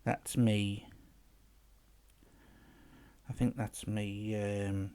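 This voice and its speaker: Guy with a lowish voice talking through an app tutorial, chatty, thinks out loud, trips over his sentences. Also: little pitch movement, drawn-out words, clear, resonant tone. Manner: chatty, thinks aloud, restarts phrases. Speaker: app demo host. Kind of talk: casual tutorial talk-through.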